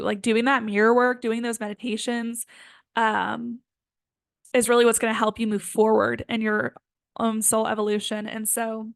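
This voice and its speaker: This spiritual healing coach in her twenties has a gravelly, high-leaning voice with little pitch movement and a moderate pace, and there's no room sound. Her self-help talk is earnest and casual, filled with "like" and "um."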